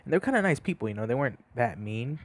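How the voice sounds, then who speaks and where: A man's voice: medium pitch, sing-song, fast, no echo. A young man casually telling a story over gameplay, rambling with lots of fillers and restarts. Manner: rambling, many fillers and restarts, laughs at himself.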